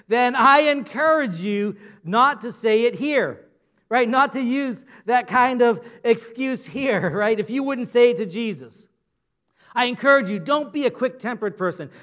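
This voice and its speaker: Guy preaching a sermon, really high voice, jokey and chatty with the crowd. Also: fairly bright tone. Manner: playful, conversational, asks the audience.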